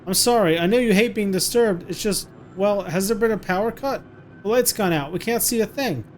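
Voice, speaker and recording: A man voicing a frightened young mother who talks to her little son in a hushed, soothing way, reading game dialogue aloud. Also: medium pitch, a little fast, a little hiss or hum, close to an everyday voice. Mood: pleading. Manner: hushed and soothing, coaxing a child.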